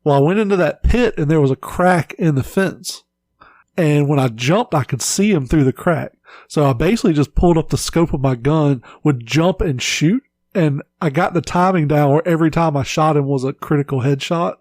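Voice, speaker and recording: A man's voice: on the high side, moderate pace, a little mellow, no room sound, clean studio sound. A man hosting a casual podcast, telling stories in a laid-back, rambling way with lots of filler words. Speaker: podcast host. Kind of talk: casual chat.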